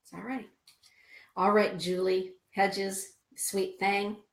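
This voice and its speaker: A woman with a mid-range, fairly flat voice speaks slowly in a reverberant space. She hosts a spiritual radio show, chatting with listeners and reading oracle cards aloud for them.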